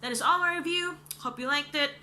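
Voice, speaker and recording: An animated young woman rants through a book review in a casual chat. Her voice is bright and fairly high, she swears freely and says "like" a lot, and a faint hum sits behind her. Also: brisk. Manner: animated and ranting, swears freely, many likes.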